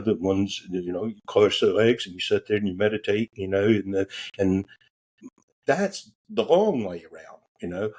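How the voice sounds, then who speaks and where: A man, a podcast guest, telling stories in a casual, animated way, acting out the voices he quotes and cursing offhandedly. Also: on the low side, slightly rough. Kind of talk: casual storytelling.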